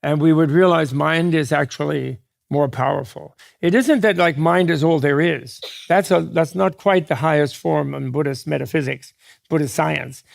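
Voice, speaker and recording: A man's voice: fairly high pitch, gravelly. A man giving a dharma talk to an audience as a Buddhist teacher, digressive and joking, often restarting mid-thought. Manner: digressive, joking, quick asides with laughs.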